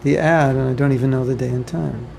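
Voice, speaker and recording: A man's voice: mid-range voice, fairly even intonation, fast, gravelly, a little mellow, a little hiss or hum, low-quality recording. A man from the United States giving an informal spiritual class, conversational with joking asides and frequent repetition. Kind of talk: informal lecture to devotees. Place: home or temple room, faint ambience behind.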